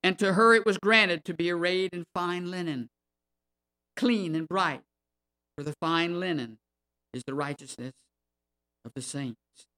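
A man preaching a sermon and reading scripture aloud, slow and emphatic, rising in force on key words. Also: sits high, bright, forceful tone.

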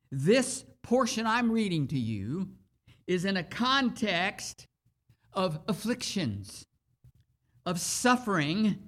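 A preacher reads scripture aloud and expounds on it in a sermon. The delivery is extremely slow and measured, with long pauses between phrases. Important words are repeated for emphasis. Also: medium pitch.

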